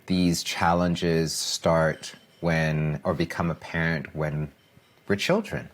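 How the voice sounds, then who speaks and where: A man's voice: extremely low pitch, fairly even intonation, slow. A man speaking as a coach on a podcast, emphatic and earnest, repeating key phrases and often asking "right?" to draw agreement.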